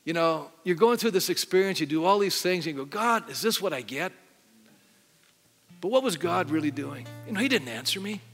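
A middle-aged pastor preaches in a casual, conversational way, pitched a bit high for a man, and keeps turning to the congregation with questions. His voice carries a long hall reverb, and soft instrumental music plays faintly underneath. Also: lively intonation, fast, creaky, few pauses. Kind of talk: sermon with altar call. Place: church sanctuary.

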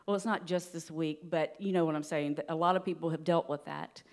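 A woman giving a sermon in an earnest, steady teaching manner, with light laughs now and then. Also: low-pitched, brisk. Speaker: preacher.

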